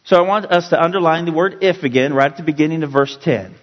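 A man teaching a Bible passage as a pastor, slow and emphatic, repeating key words for his listeners. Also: fairly high pitch. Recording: dull, roomy hall sound.

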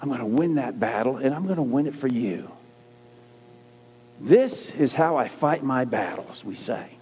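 A man preaching a sermon in a church. He talks emphatically and repeats key phrases with slow, drawn-out stress. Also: medium pitch, expressive, slight background noise. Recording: dull recording with long hall reverb.

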